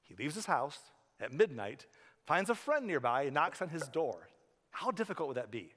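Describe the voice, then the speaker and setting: A male pastor preaching a sermon in a church, conversational and animated, telling stories with asides. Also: fairly high pitch, moderate pace. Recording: reverberant hall.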